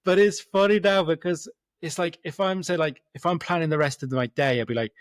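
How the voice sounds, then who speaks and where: A man's voice: on the high side, a little fast, dry recording. Chatty male podcast host, dry sound. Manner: chatty, repeats words as he gathers thoughts. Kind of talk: casual interview chat.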